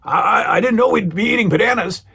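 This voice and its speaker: A big, easygoing wrestler blurting out his confusion, as a man puts him on. His voice is pitched high and husky. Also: fast talker, heavily acted. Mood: baffled. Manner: loud, baffled exclamations.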